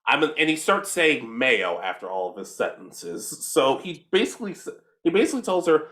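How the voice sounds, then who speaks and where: A young man co-hosting a casual anime talk show, retelling an episode with quick voices for the characters. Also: a little high, lively intonation, a bit bright. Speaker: podcast co-host.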